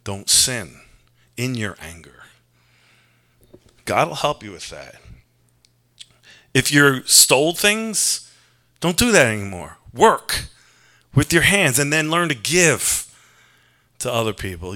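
A man's voice: fairly high pitch, sing-song, a little slow, pushed and bright. A man from New preaching an earnest, conversational sermon, mixing scripture with personal confession. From New York. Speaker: pastor.

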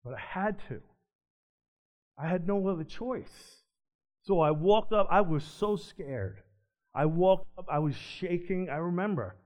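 A man giving a personal testimony, telling his story earnestly and swinging between animated and hushed. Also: high-pitched, a little slow. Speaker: ministry speaker. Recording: dull lo-fi recording.

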